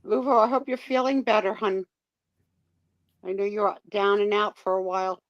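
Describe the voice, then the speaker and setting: A woman's voice: mid-range voice, moderate pace, no room sound. A woman co-hosting a live sale chat, greeting viewers and commenting on items. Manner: friendly, greets viewers by name. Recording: dull lo-fi sound.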